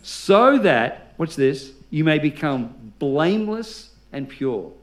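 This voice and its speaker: A man's voice: on the high side, sing-song, takes it slowly. A male pastor preaching a sermon, telling stories with humor and leading the congregation in call-and-response.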